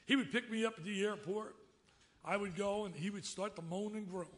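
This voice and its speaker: Brief: man in his 70s, high-pitched and bright, loud and exclamatory award speech. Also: fairly quick. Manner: excitable, loud, storytelling, exclamatory. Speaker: award recipient giving a speech. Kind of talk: lively acceptance speech.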